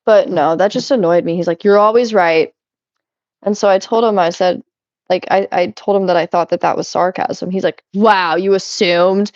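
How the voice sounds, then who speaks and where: A woman's voice: fairly low pitch, steady tone, brisk, mellow, no echo, lo-fi sound. A young woman vlogging casually as she sorts things at home, talking in a rambling, chatty way, cutting herself off and laughing often. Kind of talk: casual chat while cleaning.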